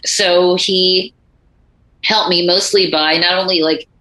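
A woman author speaks as an interview guest, telling her stories with lively energy and playing out quoted lines. Her voice sits a little low but sounds bright and forceful. The room around her carries a clear echo. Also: takes it slowly. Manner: animated storyteller acting out quoted voices. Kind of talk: conversational interview.

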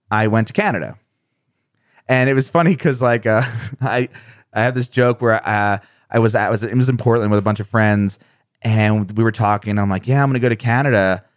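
A man's voice: medium pitch, no echo, clean studio sound. A man speaking as a guest on a podcast, rambling and self-deprecating, often laughing. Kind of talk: conversational interview.

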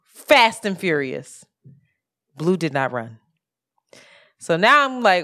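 Animated, swearing woman podcast co-host. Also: takes it slowly. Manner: animated storytelling with big pitch jumps and swearing. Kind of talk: casual podcast chat. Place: apartment in Brooklyn, street sirens outside.

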